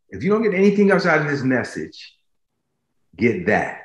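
A man's voice: on the high side, sing-song, normal speed. A man preaching a sermon, emphatic, repeating phrases for stress and asking his listeners directly if they follow. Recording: roomy echo.

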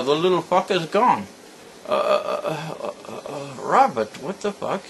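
A grumpy old man rambling through a joke at home, swearing constantly. He speaks slowly, and his pitch rises and falls widely. A faint hiss sits behind him. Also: big pitch swings, gravelly. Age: older. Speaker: joke teller. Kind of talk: casual joke telling to camera.

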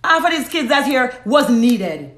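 Jamaican woman host, blunt live-stream advice, slightly high voice, echoey room. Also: big pitch swings, a little slow, fairly bright tone. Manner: blunt, preachy, reads out viewer comments. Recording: roomy echo.

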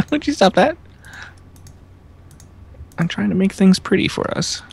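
A man's voice: high-pitched, lively intonation, takes it slowly, gravelly, slightly rough. A young man playing a video game with a friend, talking in a sarcastic, teasing way. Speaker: co-player. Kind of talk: casual gaming banter. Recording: faint keyboard noise behind.

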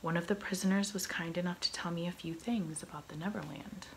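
A woman's voice: lowish voice, steady tone, brisk, creaky, a little hiss or hum, poor audio. A woman whispering a vain, short-tempered male pirate captain in a whispered role-play. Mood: gruff.

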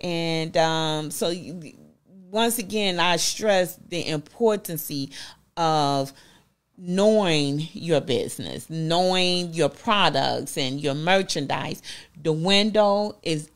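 A woman's voice: low-pitched, slow pace. A woman with a Southern US accent, a boutique owner talking in a folksy, chatty way as a guest in an interview. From Southern United States. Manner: chatty, folksy, peppered with "you know". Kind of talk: casual interview chat.

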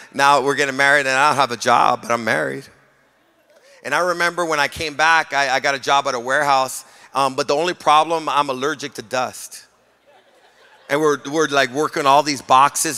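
A man's voice: on the high side, normal speed, clean tone. A middle-aged male pastor preaching a sermon, telling stories with humor and calling on the congregation to respond. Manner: storytelling, animated, jokes with the congregation. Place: church sanctuary. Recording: long reverb of a hall.

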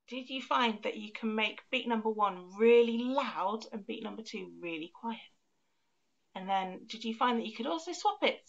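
A woman's voice: a little high, vocal fry, a bit bright, dull audio. A woman teaching an online music class for young children, counting beats aloud and encouraging them.

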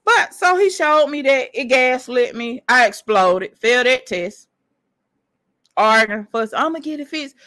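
A woman telling a personal story in an animated, emphatic way, speaking straight to her listeners. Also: on the high side, a little slow. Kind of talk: casual storytelling monologue.

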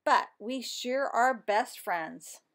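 A woman's voice: a little high, lively intonation, a little slow, gravelly, heavily acted. A woman voicing an earnest, friendly schoolboy in a children's storybook.

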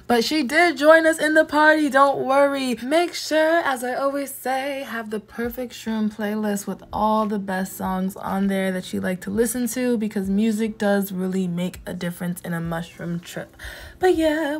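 A young woman narrating her vlog in a relaxed, chatty way, talking straight to viewers. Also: on the high side. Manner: laid-back, chatty, talks to viewers as y'all. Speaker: vlogger.

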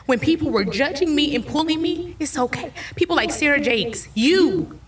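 A woman's voice: high voice, animated, moderate pace, far from the mic. A woman in her thirties, a podcast guest, speaking candidly about her faith and often repeating phrases to reassure. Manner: emphatic, repeats phrases for comfort.

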